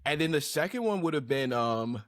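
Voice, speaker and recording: A man's voice: on the high side, lively intonation, brisk, fairly bright tone, no room sound, clean studio sound. An American man co-hosting a podcast, insistently arguing his point in casual debate and calling people bro. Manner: insistent, argumentative, says bro often. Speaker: podcast co-host.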